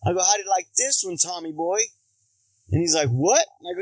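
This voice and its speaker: An American man spins stories in a relaxed chat, slipping into other voices for the people he quotes. His voice sits a little high and the sound is dry and close. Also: a little fast, no room sound, low-quality recording. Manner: animated, acts out quotes in other voices, laughs often. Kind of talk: casual storytelling chat.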